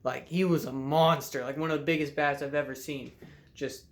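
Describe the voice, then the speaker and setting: A man's voice: a little high, fairly even intonation, moderate pace. Laid-back young man telling a fishing story. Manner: laid-back drawl, acts out the story with loud shouted bursts. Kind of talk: casual storytelling to camera. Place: messy room at home.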